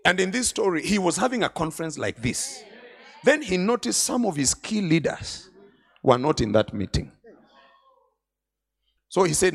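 A man preaching a sermon at a conference, retelling scripture and stories with dramatic swings from quiet to shouting. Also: a little high, very animated, moderate pace, vocal fry, pauses often, husky. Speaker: bishop preaching. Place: large conference hall.

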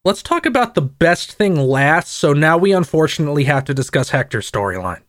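A man's voice: a little high, big pitch swings, fairly quick, a bit bright, no room sound. Dry-sounding man with sarcastic review banter. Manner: sarcastic, steers the topics. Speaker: podcast co-host. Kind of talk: casual chat reviewing a show.

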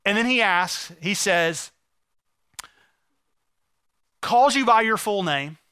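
Bright, high-voiced storytelling preacher. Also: male voice, lively intonation, slow, clean tone, no echo, clean studio sound. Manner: storytelling preacher, drops to hushed soft tones for emotional moments. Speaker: pastor. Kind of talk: sermon.

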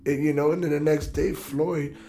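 A man's voice: on the high side, moderate pace, faint music behind. A man from Brooklyn with a New York accent, telling stories animatedly in a casual podcast chat. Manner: animated storyteller, acts out quotes. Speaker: podcast co-host.

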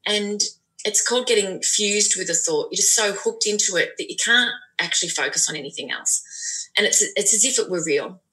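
A woman's voice: medium pitch, sharp tone, low-quality recording. A middle-aged woman speaking as a parenting expert in a podcast conversation, thoughtful and explanatory, often restarting her sentences.

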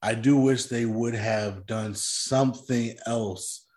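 A man co-hosting a casual movie discussion, speaking in a measured, hesitant way, often restarting his phrases. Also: medium pitch, fairly even intonation, darkish tone. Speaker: podcast co-host.

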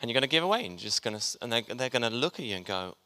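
Chatty preacher in a reverberant hall. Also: male voice, mid-range voice, very animated, very fast, bright, forceful tone. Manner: chatty and jokey, talks to the congregation. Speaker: pastor. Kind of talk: sermon.

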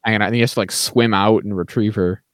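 A man's voice: fairly low pitch, steady tone, fairly quick, a bit bright, dry recording. A man co-hosting a podcast, chatting casually about a film and often saying "like I said" and "right?". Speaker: podcast co-host.

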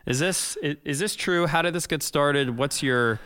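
Bright, smooth-voiced male podcast host. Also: a little high, moderate pace, no echo, clean studio sound. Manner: earnest, encouraging questions with short affirmations. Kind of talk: casual podcast interview.

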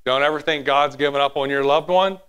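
A bright, high-voiced preacher man. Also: a little fast, clean tone. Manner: animated, dropping to a hushed tone and acting out quotes. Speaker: pastor. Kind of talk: sermon.

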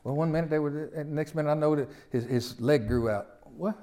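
Southern guy preaching, reads the verses slow then riffs on them, keeps asking the crowd questions. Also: fairly high pitch, dark tone. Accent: Southern American. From Southern United States. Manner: folksy, asks the listeners rhetorical questions; reads scripture slowly, then talks through it. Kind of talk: sermon with Bible reading.

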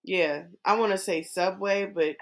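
A woman's voice: medium pitch, steady tone, a little slow. An American woman chatting casually as a co-host, rambling and laughing easily. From United States. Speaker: co-host answering a chat. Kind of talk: casual chat. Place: home, on the East Coast.

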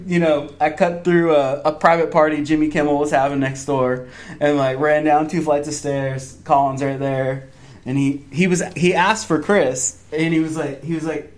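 A young man tells a story with rising excitement, his voice sitting a little high. He slips into higher-pitched quotes of himself and others, laughing through the tale. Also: normal speed. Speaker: fan event organizer. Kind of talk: casual podcast chat.

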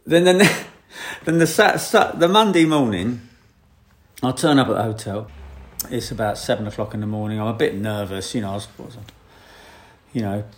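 A man, a photographer, telling a rambling, animated anecdote with frequent laughs. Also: fairly low pitch, moderate pace. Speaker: photographer guest. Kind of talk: anecdote in casual chat.

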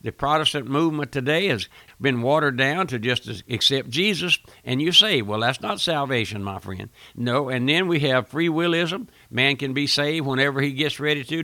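An older radio preacher with a gravelly, forceful voice, recorded close and dry. He preaches a fiery sermon in a folksy, emphatic way, repeating his phrases and building to forceful bursts. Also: mid-range voice, lively intonation, moderate pace, no room sound.

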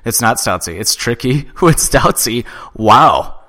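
A man's voice: mid-range voice, lively intonation, slow, bright, forceful tone. A man hosting a wrestling podcast, chatting casually with his co-host, joking and laughing loosely.

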